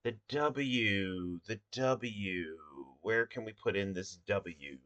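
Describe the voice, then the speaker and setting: A man thinking aloud while he builds a word puzzle, muttering with many pauses and fillers. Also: fairly low pitch, fairly bright tone, no echo. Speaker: puzzle maker. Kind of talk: casual think-aloud commentary.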